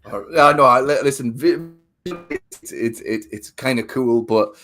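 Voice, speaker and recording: A man's voice: medium pitch, unhurried, sharp tone. A man co-hosting a casual film review chat. He swears often, acts out quotes, and repeats words while he thinks. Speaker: podcast co-host.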